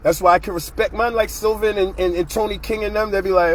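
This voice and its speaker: A man's voice: high-pitched, fairly even intonation, fast. A man hosting his own show, ranting bluntly and profanely in a casual, fired-up monologue. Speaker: show host.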